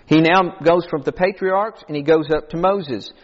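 A man preaches in an earnest, folksy manner, his voice sitting a little higher than most men's. He leans on homespun stories to drive his points home. The sound is dull and lo-fi, with a long reverb that trails through a big hall. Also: normal speed. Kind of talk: sermon. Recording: echoey hall, dull lo-fi recording.

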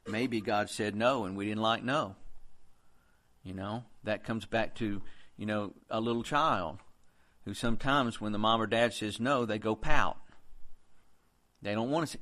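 A man's voice: fairly low pitch, unhurried, pauses often, a bit bright. A man preaching a sermon in an earnest, conversational way, quoting scripture as he goes.

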